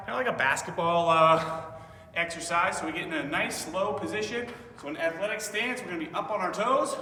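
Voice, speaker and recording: A man's voice: sits high, pushed and bright, far from the mic, a little hiss or hum. A male fitness instructor leading a workout class, upbeat and encouraging, slightly out of breath as he moves and cues breathing. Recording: echoey hall, voice from afar.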